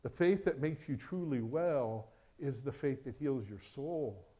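A middle-aged man preaching a sermon as pastor, swinging between loud, urgent questions and quiet, low asides. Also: expressive, a little slow.

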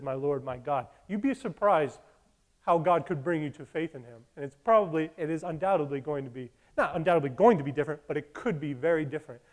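High-voiced man preaching emphatically. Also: a little mellow. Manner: emphatic, repetitive exhortation. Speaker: pastor. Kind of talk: sermon.

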